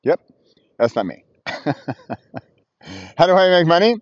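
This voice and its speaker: A man's voice: high voice, big pitch swings, a little slow, no room sound, highs cut off. A man talking casually to the camera outdoors, chatty and self-mocking, laughing often. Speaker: vlogger. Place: outdoors on a frosty beach with his dog.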